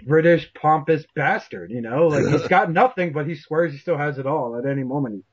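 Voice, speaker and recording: A man hosting a casual interview chat, animated and self-deprecating, swearing freely. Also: a little high, brisk, slightly rough, muffled recording. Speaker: show host.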